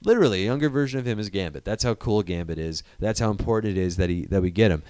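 A man hosting a casual chat, animated and profane, who rambles as he talks. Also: lowish voice, racing, clear, resonant tone, no room sound.

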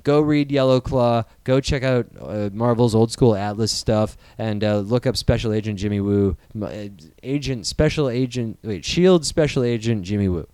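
Smooth-voiced, profane young podcast host. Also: male voice, medium pitch, moderate pace, hardly any pauses, dry recording. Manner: profane, rambling, animated storytelling. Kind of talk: casual chat.

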